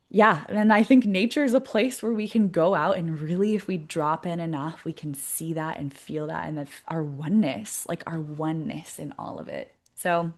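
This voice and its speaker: A woman with a slightly low voice talks as a podcast guest. She tells her story in a lively, conversational way and laughs often. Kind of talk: casual interview storytelling.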